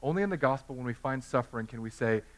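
A man's voice: mid-range voice, animated, fast talker. A man in his thirties preaching a sermon in a conversational, self-deprecating way, telling personal stories. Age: 30s. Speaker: pastor.

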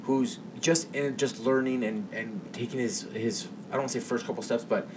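A man co-hosting a podcast, telling a story in halting casual chat and often repeating words. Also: medium pitch, steady tone. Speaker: podcast co-host. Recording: distant mic with audible hiss.

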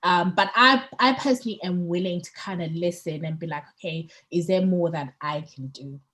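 Chatty woman podcast host, animated. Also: fairly low pitch, normal speed. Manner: chatty, gets animated and excited on politics; many fillers and restarts. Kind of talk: casual chat.

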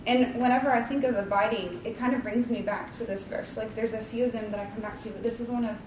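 A woman's voice: on the high side, fairly even intonation, fast talker, noisy background. A woman leading a casual devotional talk, chatty and rambling, with lots of likes and ums and a self-deprecating tone. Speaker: Bible study leader. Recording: roomy, distant mic, faint ambience.

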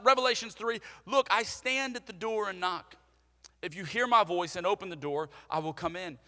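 A young man preaching a sermon, energetic and conversational, leading the congregation to repeat after him. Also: high voice, big-room sound. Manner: energetic, conversational, leads call-and-response. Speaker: pastor.

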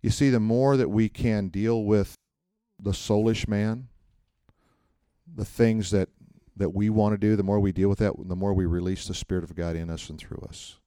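A man's voice: lowish voice, moderate pace, clear, resonant tone, no echo, clean studio sound. A man teaching a church class in a conversational sermon style, telling stories, acting out quotes and asking the room questions. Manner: animated storytelling, acts out quotes, asks the room questions.

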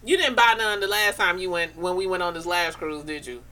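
A woman's voice: fairly low pitch, fairly quick, pushed and bright, slight background noise. A woman, a podcast guest, in casual chat with blunt, teasing comebacks.

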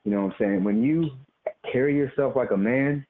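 A man's voice: mid-range voice, a little fast. A male caller from Baltimore in casual call-in chat, talking in a profane, heated, storytelling way. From Baltimore, USA. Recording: lo-fi call with faint noise.

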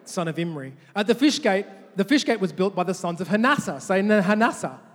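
A man preaching a sermon as pastor, animated, often restarting and repeating words as he leads the congregation in call-and-response. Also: sits high, fairly quick. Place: large church hall. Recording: long hall reverb.

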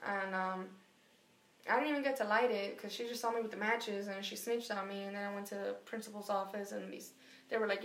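A woman telling a story in casual chat, animated and profane, acting out the voices of the people in it. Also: medium pitch, fast talker, roomy sound. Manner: animated, profane, acts out quotes.

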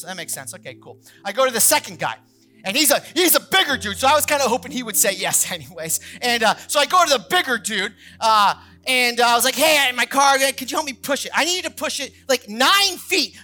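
A man in his thirties, a pastor, preaching a sermon that opens with a personal story, animated and acting out the people he quotes. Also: very high-pitched. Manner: animated storyteller, acts out quoted voices, many fillers like "like".

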